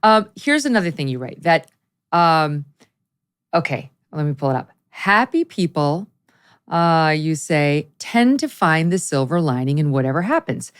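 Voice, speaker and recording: A woman's voice: deep voice, measured pace, clean tone. A middle-aged woman hosting a casual interview show, telling stories and acting out the voices of people she quotes. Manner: lively storyteller who acts out quoted voices. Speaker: podcast host.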